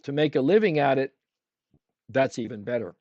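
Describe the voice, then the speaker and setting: A man's voice: mid-range voice, animated, normal speed, a little mellow, no echo, lo-fi sound. A man teaching a livestream painting demo, chatting with his viewers and asking them questions as he paints. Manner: talks with a brush in his mouth at times. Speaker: art instructor.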